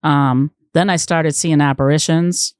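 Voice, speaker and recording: A woman guest on a studio podcast, telling personal stories calmly and reflectively, with hesitant pauses. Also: sits low, no room sound. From New England. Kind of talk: personal storytelling in conversation.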